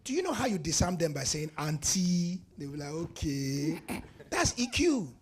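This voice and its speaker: Lively husky-voiced man, entrepreneur panelist, tells business stories with laughter. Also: high voice, fairly quick. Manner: animated, storytelling, laughs often. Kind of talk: panel discussion answer.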